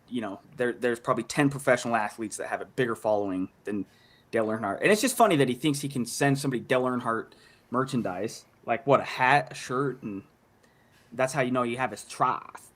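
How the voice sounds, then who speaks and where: A man's voice: mid-range voice, moderate pace, fairly bright tone. A male guest chatting casually on a stream, in a laid-back, rambling way. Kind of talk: casual commentary chat.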